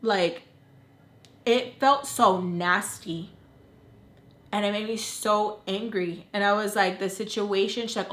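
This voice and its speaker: A young woman vlogger telling a personal story in a casual, animated, blunt way, swearing freely. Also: mid-range voice, takes it slowly, long pauses. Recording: echoey room.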